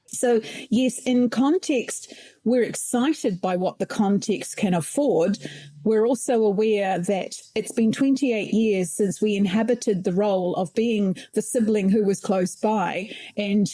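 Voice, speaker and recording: A woman's voice: medium pitch, measured pace, dark tone, dry recording. A middle-aged woman with a New Zealand accent, a podcast guest speaking reflectively and thoughtfully. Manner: reflective, thoughtful, laughs lightly. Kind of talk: conversational interview.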